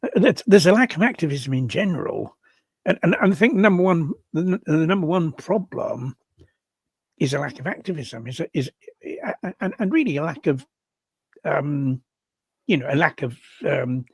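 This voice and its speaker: A slightly higher-pitched older man with a husky, breathy edge to his voice. He talks in a casual, halting way, restarting and repeating words as he works out his point. The sound is dry and close. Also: sing-song, dry recording. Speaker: podcast co-host. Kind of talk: casual discussion.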